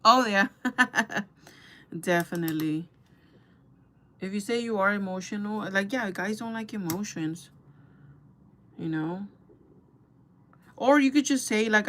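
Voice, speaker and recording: A woman's voice: mid-range voice, normal speed, long pauses, fairly bright tone, a little hiss or hum. A young woman chatting casually to her viewers while doing her makeup, gossipy and talkative, calling them girl and guys. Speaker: beauty vlogger.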